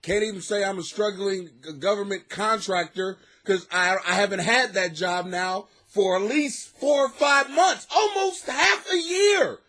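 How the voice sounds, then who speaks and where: An American man hosting a casual comic podcast from his basement, rambling and swearing, laughing often and swinging between mutters and near-shouts. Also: high voice, measured pace, hardly any pauses. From United States. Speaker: podcast host, struggling comic. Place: home basement.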